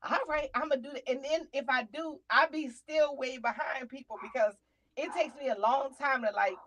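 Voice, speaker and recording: A middle-aged woman hosting a casual talk show, animated and preachy, now and then shouting out names. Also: high-pitched, normal speed, poor audio. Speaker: show host.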